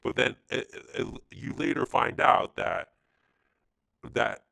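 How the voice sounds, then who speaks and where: A man co-hosting a podcast in casual chat, animated and slangy, acting out his own reactions. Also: medium pitch, slow, creaky, no room sound. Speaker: podcast co-host.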